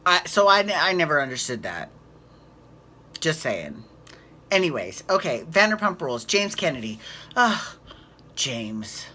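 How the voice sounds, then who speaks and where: A woman's voice: low-pitched, big pitch swings, unhurried, pauses often, sharp tone. A woman casually recapping a reality show, rambling, sarcastic and swearing freely. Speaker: recap vlogger.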